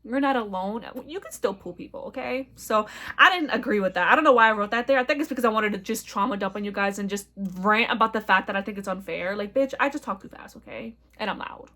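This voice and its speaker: A young woman hosting a casual solo podcast, loud and blunt with a slight stutter, talking in a chatty, profane way. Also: mid-range voice, fast, hardly any pauses. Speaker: podcast host.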